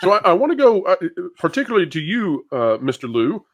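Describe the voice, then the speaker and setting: Male podcast host, animated and chatty, lots of pitch movement. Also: fast talker, lo-fi sound. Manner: animated, laughs often, repeats words when starting. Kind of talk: casual panel chat.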